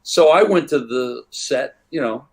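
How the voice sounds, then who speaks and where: An older man, a guest on an interview, telling rambling stories in a relaxed way and acting out the voices of people in them. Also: mid-range voice, measured pace. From United States. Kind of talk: relaxed anecdotal storytelling.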